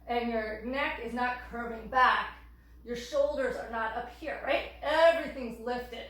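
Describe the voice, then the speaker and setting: A woman instructor calmly cueing breaths and yoga poses while demonstrating, a little out of breath. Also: a little high. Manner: calm cueing of breath and poses, occasional laughs. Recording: very echoey room, distant mic.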